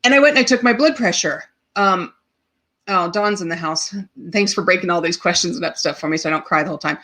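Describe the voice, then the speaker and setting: A woman's voice: on the low side, fast talker, fairly bright tone. A woman hosting a live podcast, telling a personal story in an open, emotional way with many ums and restarts, at times choked up. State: choked up, tearing up. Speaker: podcast host.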